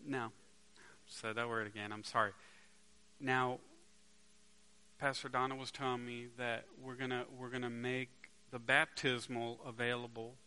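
Speaking at medium pitch with a sharp tone, a man delivers a conversational sermon to his congregation. He asks them rhetorical questions and often restarts words as he hunts for the right one.

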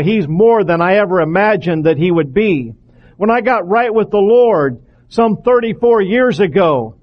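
A male preacher delivers an earnest sermon, pleading with his listeners and hammering points home through repetition. His voice sits high for a man. The recording sounds somewhat dull and lo-fi.

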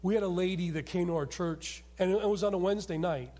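Man, pastor, sermon, high pitch, emphatic storytelling, echoing church hall. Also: fast. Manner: storytelling, emphatic with sudden soft drops. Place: church sanctuary. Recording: long hall reverb.

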